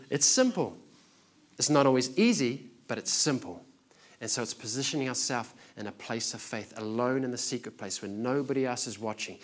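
A man preaching a sermon, earnest and direct, moving between lively storytelling and soft, prayerful speech. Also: medium pitch. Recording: recorded sermon.

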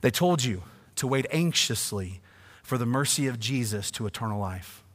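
A man preaching a sermon, swinging from hushed asides to loud, emphatic passages. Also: medium pitch, animated, moderate pace. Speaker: pastor. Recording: long reverb of a church hall.

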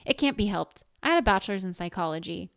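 A woman's voice: medium pitch, expressive, fast, dry recording. A woman narrating a first-person story in a wry, sarcastic, conversational way, recorded close to the mic.

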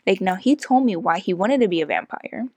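A young woman chats with her co-host, voice at an everyday middle pitch and close and dry on the mic. She tells stories in an animated, rambling way, dotting her sentences with "like". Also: brisk, dry recording. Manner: chatty, animated storytelling with many "like"s. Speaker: podcast co-host. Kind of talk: casual chat.

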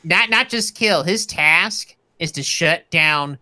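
A man's voice: a little high, slow, pushed and bright. A man co-hosting a comedic movie podcast, rambling and joking with many fillers. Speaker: podcast co-host. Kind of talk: casual comedic movie chat.

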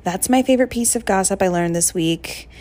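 A young woman hosts a casual solo podcast, chatty and gushing, with plenty of filler words. Her voice is mellow and medium-pitched, and she speaks a little fast.

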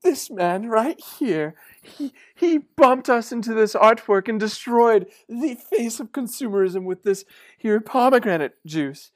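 A man's voice: high-pitched, lively intonation, measured pace. A man voicing a snooty, effusive female art lover in an improvised comedy podcast, gushing theatrically over pretentious pieces. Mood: accusing.

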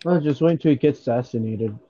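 Young man, casual podcast co-host, blunt and profane, dull low-fidelity recording. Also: a little fast, warm tone. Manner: blunt, swearing, restless. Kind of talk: casual chat.

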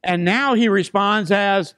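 A man's voice: high voice, a little slow, a bit bright, dry recording. A man preaching a sermon as pastor, stressing key phrases by repeating them and putting questions to the congregation.

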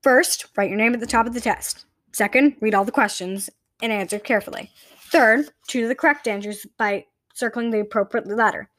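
A stern female test proctor barks out rules and threats with an imposing, commanding manner, as a woman reading a story puts her on. Her voice sits fairly high and is recorded close and dry, with no room sound. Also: a little fast, fairly bright tone, no room sound, close to an everyday voice. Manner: barking, commanding orders.

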